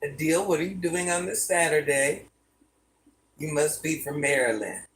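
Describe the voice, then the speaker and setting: This is casual livestream chat from a woman in her fifties at home, who reads her viewers' comments out loud and answers every one in an easygoing way. Her voice sits low and her pace is moderate.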